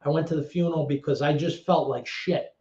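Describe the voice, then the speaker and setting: A middle-aged man tells a candid story as an interview guest, blunt and swearing, with halting repetitions. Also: a little high, steady tone, darkish tone. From New York. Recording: roomy, dull lo-fi sound.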